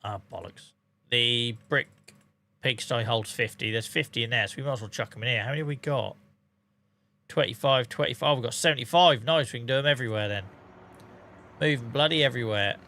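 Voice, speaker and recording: Norfolk guy streaming a farm game, bright tone, chatty with chat, says mate a lot. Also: mid-range voice, fairly quick. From England. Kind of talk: casual live-stream gameplay commentary.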